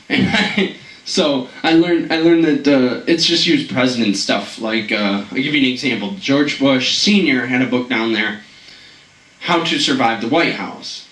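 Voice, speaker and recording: Rambling comedian, echoey and distant. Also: male voice, mid-range voice, unhurried, a bit bright. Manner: rambling, stammering, chuckles at own jokes.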